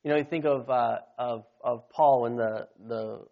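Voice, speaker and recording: A man preaching a sermon, punctuating his points with amens and rising to shouts when quoting scripture. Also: mid-range voice, fairly even intonation, a little slow, dull audio. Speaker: pastor.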